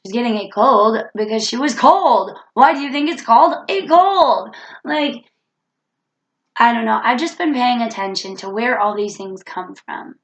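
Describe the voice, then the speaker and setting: A woman's voice: a little high, animated, unhurried, echoey room, rough recording. A woman with a cold talking earnestly into the camera in a reflective self-help vlog, repeating her key points. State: has a cold. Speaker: vlogger.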